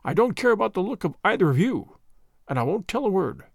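A man voicing a stubborn, shuffling old sailor who talks in rough, petulant speech. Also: high voice, big pitch swings, fairly quick, dry recording, clean studio sound, heavily acted.

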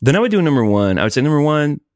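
Podcast co-host, man, fast-talking, lively, giving friendly advice. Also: fairly high pitch, no echo, studio quality. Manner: animated, coaching, laughs often. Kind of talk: casual chat.

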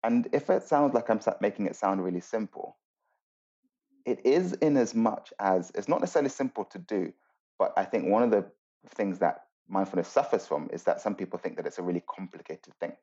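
A mindfulness teacher appearing as a podcast guest speaks in a low, mellow, husky voice that is also animated. He explains things earnestly and thoughtfully, pausing and restarting as he works through ideas. The audio is slightly dull and muffled.

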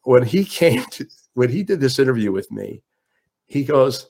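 An older man, a sports broadcaster guest, telling stories animatedly in an interview and acting out quotes with sudden jumps in pitch. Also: expressive, moderate pace, gravelly, a little mellow. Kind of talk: animated storytelling.

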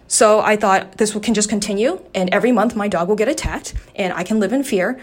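A woman's voice: medium pitch, brisk, few pauses. A podcast host, a woman, shaken and upset, recounting a confrontation with agitated swearing. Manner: agitated, swearing, quoting others in raised voice. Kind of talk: angry personal story.

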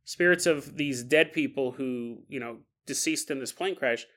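A man's voice: medium pitch, moderate pace, fairly bright tone. A man hosting a podcast, telling ghost stories casually with playful, jokey asides. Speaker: podcast host. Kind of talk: casual paranormal storytelling.

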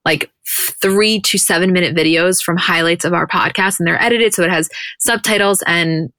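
A woman co-hosting a podcast, recapping a show in casual chat and quoting people in quick animated bursts. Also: fairly low pitch, dry recording, clean studio sound. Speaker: podcast co-host.

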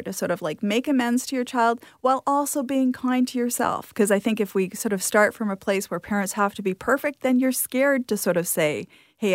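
A woman's voice: mid-range voice, dry recording, studio quality. A woman speaking as a parenting expert guest, giving reassuring, chatty advice with light laughs. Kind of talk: interview answers.

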